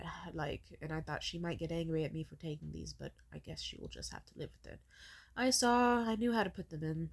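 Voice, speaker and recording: Woman in her 20s, lowish voice, vlog rant, blunt and bitter with a lot of swearing. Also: vocal fry. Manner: wide pitch swings when animated. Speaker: vlogger. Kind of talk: storytelling rant.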